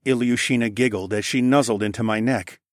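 A man's voice: mid-range voice, steady tone, brisk, no echo. A man narrating a first-person fantasy audiobook in an easy storytelling manner.

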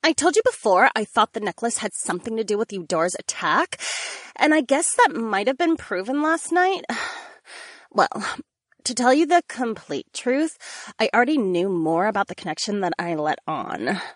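A woman's voice: a little high, very animated, normal speed, no room sound. A woman voicing a nervous teenage mermaid girl who confides hesitantly, recorded close and dry.

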